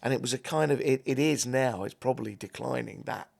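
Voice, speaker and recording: A man's voice: medium pitch, fairly quick, creaky, darkish tone, husky. A middle-aged man, chatting casually as a podcast guest, rambling and self-deprecating. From South East London. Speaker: podcast guest, comedic actor. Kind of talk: casual chat.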